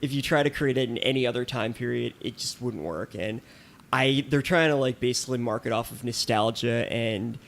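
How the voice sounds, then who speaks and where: A man's voice: mid-range voice, a little fast, gravelly, slight background noise. A man co-hosting a casual podcast chat, giving blunt, dismissive opinions. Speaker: podcast co-host.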